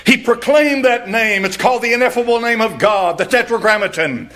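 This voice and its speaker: A man preaching a fiery sermon, reading scripture softly and then shouting, repeating words for emphasis. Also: very high-pitched, brisk. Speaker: pastor.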